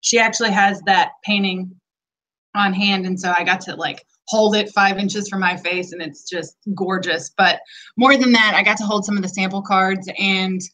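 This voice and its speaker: A woman's voice: medium pitch, steady tone, normal speed, pushed and bright, low-quality recording. A woman co-hosting a casual podcast chat, talking enthusiastically with frequent ums. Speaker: podcast co-host.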